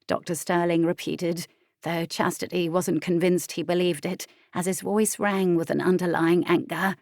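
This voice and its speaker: Expressive female audiobook narrator. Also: fairly low pitch, moderate pace, dry recording, clean studio sound. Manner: expressive storytelling.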